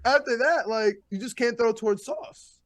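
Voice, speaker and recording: A man co-hosting a sports podcast, telling a rambling, excited story in casual chat full of "like" and "dude". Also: extremely high pitch, moderate pace, dry recording, clean studio sound. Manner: animated, rambling, lots of "like" and "dude". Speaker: podcast co-host.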